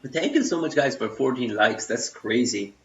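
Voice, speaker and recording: A man's voice: mid-range voice, animated, moderate pace. Chatty Indian-accented young man streaming. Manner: chatty, loose, full of fillers and restarts, reads chat aloud. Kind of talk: casual live-stream chat. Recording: roomy, slightly dull home stream audio.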